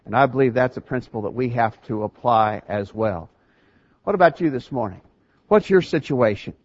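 A man's voice: mid-range voice, expressive, moderate pace, slightly rough. Earnest male preacher, slightly muffled. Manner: earnest, emphatic, with many restarts. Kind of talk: sermon.

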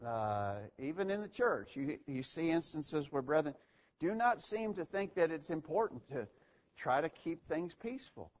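A man's voice: a little high, big pitch swings, moderate pace. A man teaching an evening Bible lesson to a church, earnest and repeating key phrases for emphasis. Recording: dull lo-fi recording.

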